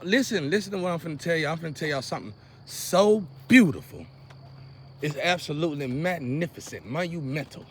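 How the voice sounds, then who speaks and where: A young man, ranting to camera in a preachy, repetitive way that swings between loud outbursts and low muttering. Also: big pitch swings, moderate pace, slight background noise. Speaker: vlogger. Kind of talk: casual rant to camera.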